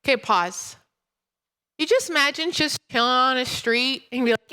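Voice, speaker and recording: A woman in her thirties preaching a sermon and telling a personal story in an animated way. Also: high voice, moderate pace, clean tone. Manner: animated storytelling, breaks into laughter.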